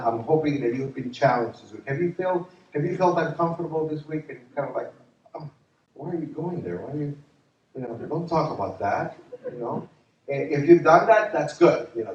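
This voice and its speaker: A man preaching a lively retreat sermon as a pastor, joking and asking the crowd questions. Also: mid-range voice, a little hiss or hum. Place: church retreat hall. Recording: echoey hall from far off.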